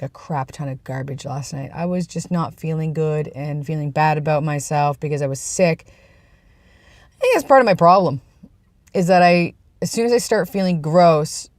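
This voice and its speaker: A man's voice: fairly high pitch, dry recording, studio quality. A young man vlogging in a casual, rambling way, with self-deprecating asides, talking from his workplace. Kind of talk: casual chat.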